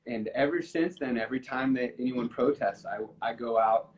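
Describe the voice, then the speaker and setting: A man's voice: mid-range voice, normal speed, low-quality recording. Earnest man telling a story. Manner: earnest, emotional, restarts often. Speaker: musician guest on a live stream. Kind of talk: casual storytelling chat.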